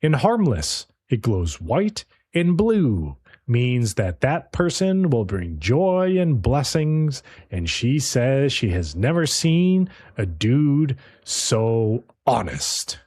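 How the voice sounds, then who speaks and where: Male podcast co-host, lively swooping delivery, casual profane recap. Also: medium pitch, slow, slightly rough. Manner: animated, profane storyteller, playfully mimics characters.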